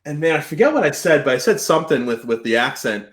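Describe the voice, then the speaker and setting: A man's voice: fairly high pitch, very animated, fast talker, fairly bright tone. A pastor with a Boston accent talks loosely in a casual discussion, poking fun at himself and circling back through restarts. His voice comes through with a roomy echo around it. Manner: laid-back, self-mocking, rambling with restarts. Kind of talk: casual book club chat.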